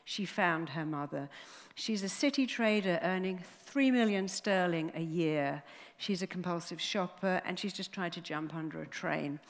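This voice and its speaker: A middle-aged woman telling a story to an audience, animated and acting out the voices of the people she quotes. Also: lowish voice, moderate pace, in a large hall. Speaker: speaker telling a client story.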